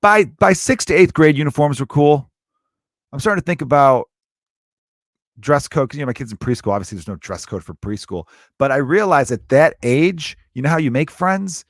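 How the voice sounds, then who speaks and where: A man in his thirties, a comedian hosting his own podcast, riffs in a loose, profane monologue and keeps slipping into other people's voices. His voice has a gravelly edge, and it sits close and dry on the mic. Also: on the high side, sing-song, normal speed, no echo. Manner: rambling, profane, acts out quoted voices.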